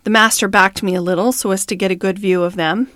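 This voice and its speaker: A woman's voice: mid-range voice, steady tone, fast, fairly bright tone, no echo. Woman narrating a classic novel, dry. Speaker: audiobook narrator.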